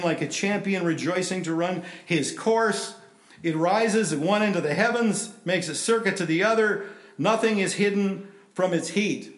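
A middle-aged man preaching a sermon in a lively, conversational way, voice rising for emphasis. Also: high voice. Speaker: pastor. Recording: roomy echo.

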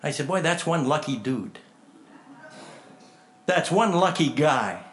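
A man preaching a sermon in a folksy, animated storytelling way, acting out conversations as he tells them. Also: fairly high pitch, slow pace, a little hiss or hum. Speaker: pastor.

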